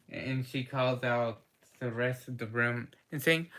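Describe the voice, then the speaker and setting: Very low-voiced, slow woman game master. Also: steady tone, a bit bright, a little hiss or hum. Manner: halting, with frequent pauses and restarts. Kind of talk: narrating a tabletop game.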